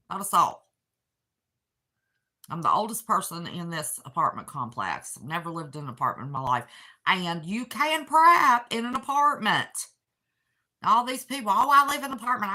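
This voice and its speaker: Speaking from her apartment, this West Virginia channel host in her 60s gets emotional as she chats casually with livestream viewers. She has a deep voice with a pushed, bright quality.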